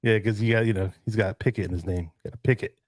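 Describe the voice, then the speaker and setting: A man's voice: lowish voice, fairly even intonation, fast, no room sound. A man hosting a casual live sports chat, talking loosely, laughing often and reading out viewer comments. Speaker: host.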